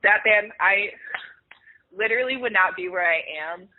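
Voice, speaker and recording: Woman, concert photographer guest, excitable, gushing, fast bursts, lo-fi phone-like sound. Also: medium pitch. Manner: excitable, gushing, speeds up when enthusiastic. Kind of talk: casual interview chat. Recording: tinny phone-like lo-fi audio.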